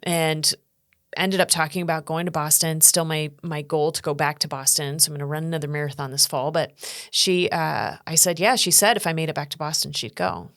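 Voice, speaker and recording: A woman's voice: deep voice, a little fast, no room sound, clean studio sound. A middle-aged woman from the United States telling her story earnestly as a podcast guest, acting out what others said. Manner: earnest, animated storytelling with acted quotes. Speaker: guest speaker and coach.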